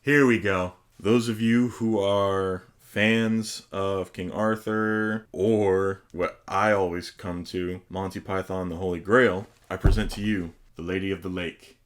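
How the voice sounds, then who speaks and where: Host with a very low voice doing a casual unboxing review, chatty and enthusiastic. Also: male voice, fairly even intonation, slow pace, few pauses. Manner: enthusiastic, chatty, with hesitant pronunciations. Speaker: host reviewing tabletop game books.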